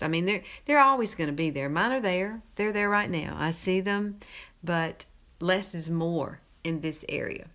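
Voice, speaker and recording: A woman in her 50s from Alabama hosts a casual makeup tutorial, speaking with a Southern accent in a fairly low, fairly bright voice. She's chatty and folksy, repeating herself for emphasis.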